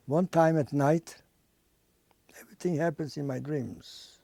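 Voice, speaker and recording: Slow, halting older man, dry close sound. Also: mid-range voice, vocal fry, dark tone, no echo. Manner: halting, searching for words, with long pauses; non-native English phrasing. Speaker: Holocaust survivor giving testimony. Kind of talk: oral history testimony.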